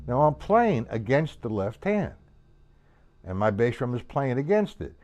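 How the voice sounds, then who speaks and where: Over a loud drum kit, a man teaches a live-streamed drum lesson in a medium-pitched, sing-song voice, a little slow. He keeps it casual and repetitive, repeating words and counting the beats out loud while he plays.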